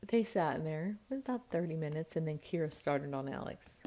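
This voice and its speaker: A woman's voice: lively intonation, normal speed, few pauses. A woman in her thirties, a mother chatting to her camera at home, rambling through a family story and acting out what people said. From United States. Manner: rambling storytelling, acts out quotes with jumps in pitch and loudness. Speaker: vlogger and mother. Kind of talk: casual chat to camera. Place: at home, indoors. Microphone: camera mic.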